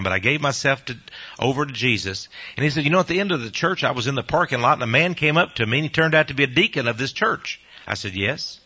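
A man preaching on the radio, telling a story and quoting others, his voice rising high when excited. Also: breathy edge. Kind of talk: preaching testimony. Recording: dull lo-fi recording.

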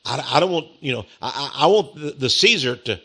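A man's voice: lively intonation, brisk, creaky, bright, forceful tone, breathy edge, heavily acted. A man doing a hesitant Roman governor. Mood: nervous. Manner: hesitant, stammering, muttering low. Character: wary Roman governor, a man anxious to please. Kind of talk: sermon storytelling.

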